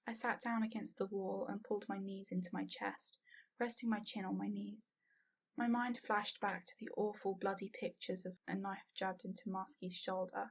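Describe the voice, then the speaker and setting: Woman reading a first-person fanfic, breathy and husky, dull lo-fi home mic. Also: mid-range voice, fairly even intonation, normal speed. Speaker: fanfiction reader.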